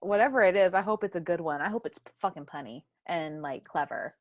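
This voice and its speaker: A woman's voice: deep voice, fairly quick. A young adult woman hosting a podcast, chatting casually and telling candid stories with frequent swearing. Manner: candid, profane, animated storytelling. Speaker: podcast host. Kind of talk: casual chat.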